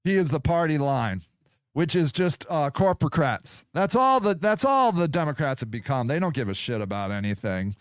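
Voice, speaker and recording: A man hosting a podcast, delivering a profane, combative political rant that swings between loud jabs and muttered asides. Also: a little high, sing-song, moderate pace, dry recording, studio quality. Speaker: podcast host.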